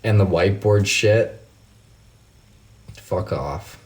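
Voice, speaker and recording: A man with a fairly low voice hosts a casual livestream, chatting directly with his viewers. He talks to them by name and slides into heated rants full of swearing. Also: slow pace, darkish tone, a little hiss or hum. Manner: heated, profane ranting. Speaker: livestream host. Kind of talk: casual livestream chat answering comments.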